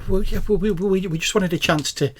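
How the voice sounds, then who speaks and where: A man's voice: high voice, a little fast, slight background noise, pitched above the performer's own voice, natural voice. A man doing a gushing, starstruck young fangirl. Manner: gushing, stammering, words tumbling out. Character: excitable young woman superfan, teenage clubber.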